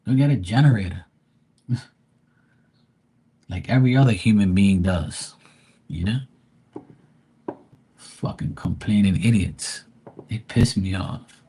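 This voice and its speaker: A man's voice: sits low, slow pace, pauses often, mellow, slightly rough. A man from Bermuda hosting a live tarot stream, ranting bluntly and profanely in casual chat.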